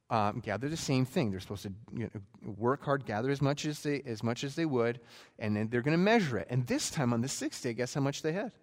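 A man preaching a sermon, retelling a story in an animated way and acting out quotes. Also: mid-range voice, in a large hall. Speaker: pastor.

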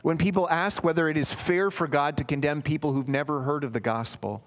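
A man's voice: a little high, a little fast, few pauses. A man preaching a sermon in an earnest, emphatic way, speaking directly to his listeners as friends.

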